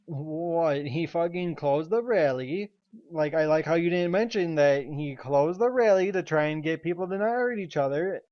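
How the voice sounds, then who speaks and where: A high-pitched man vents in a profane rant, swearing nonstop and breaking into short laughs between his points. The recording is dull and lo-fi. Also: moderate pace. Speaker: political commentary vlogger.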